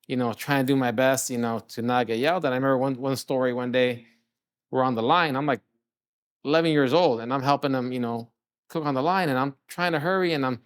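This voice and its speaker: A man's voice: mid-range voice, no echo, studio quality. A middle-aged man from California, a chef and guest on an interview show, telling stories casually and acting out dialogue. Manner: animated storyteller, often acts out quoted dialogue. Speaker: chef and restaurant owner, guest.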